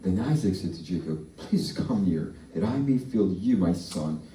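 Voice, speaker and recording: A man leading a slow, deliberate responsive reading of scripture in a church service. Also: sits low, animated, warm tone. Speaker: pastor. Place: church hall. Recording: echoey church hall from far off.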